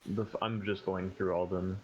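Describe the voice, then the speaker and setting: A laid-back man co-hosting a casual podcast, talking in a matter-of-fact way. His voice sits low, and the lo-fi recording sounds muffled with a faint hiss behind it. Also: flat delivery, moderate pace, a little mellow. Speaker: podcast co-host. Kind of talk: casual chat. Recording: dull lo-fi mic with faint noise.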